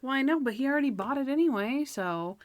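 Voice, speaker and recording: A woman's voice: high voice, animated, quick pace, dry recording, studio quality. A woman co-hosting a podcast, chatting casually about a TV episode, laughing often and mimicking characters. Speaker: podcast co-host. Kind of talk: casual episode review chat.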